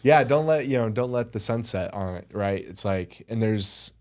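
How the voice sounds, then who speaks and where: Deep-voiced man, earnest and reflective. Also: lively intonation, moderate pace, darkish tone. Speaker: podcast guest. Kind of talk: casual conversation.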